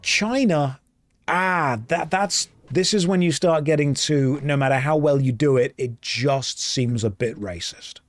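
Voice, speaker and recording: An English man rambles and jokes as he plays an online game, thinking aloud between moves. His voice sits a little high for a man. The sound is close and dry. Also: measured pace, dry recording. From England. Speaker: streamer playing an online game. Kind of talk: casual gameplay chat.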